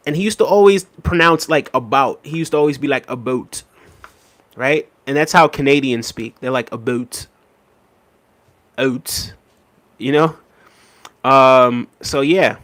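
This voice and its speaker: A relaxed man chatting on a live stream, talking in an easy conversational way. He often checks in with "right?" and speaks at a middle pitch. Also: normal speed, few pauses. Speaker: livestream host reading chat. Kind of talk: casual live-stream talk.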